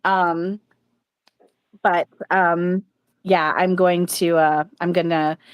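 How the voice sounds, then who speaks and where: A fairly low-pitched woman hosts a live stream, speaking bluntly and cursing without hesitation. She rambles through plenty of fillers and restarts. The sound is dry and close. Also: flat delivery, takes it slowly, clean tone, no echo, dull audio. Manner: blunt, swears freely, rambling with many fillers. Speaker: channeler and livestream host. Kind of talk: casual livestream chat.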